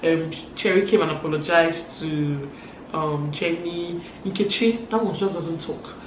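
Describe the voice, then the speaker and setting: A woman's voice: sits low, unhurried, noisy background. A woman with a Nigerian accent, chatting through a casual, gossipy recap of a reality show. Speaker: vlogger. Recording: echoey room.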